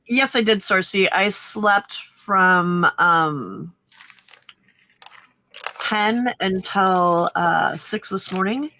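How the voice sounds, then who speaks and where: Chatty giggly lady on a craft stream, bright tone, bit of hiss behind. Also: medium pitch, drawn-out words. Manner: chatty, giggly, many ums. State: slightly husky morning voice. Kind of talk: casual chat.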